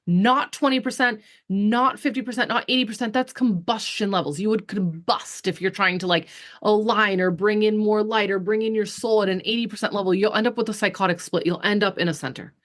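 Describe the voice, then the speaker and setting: A woman business coach and podcast host, talking casually to a group call, emphatic and profane, with chatty restarts and big swings in pitch. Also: fairly quick. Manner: chatty, full of fillers and restarts.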